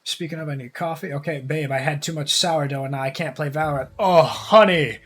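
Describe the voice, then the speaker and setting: A man's voice: on the high side, steady tone, fast. A young man streaming live, chatting casually in a rambling, crude way with heavy swearing.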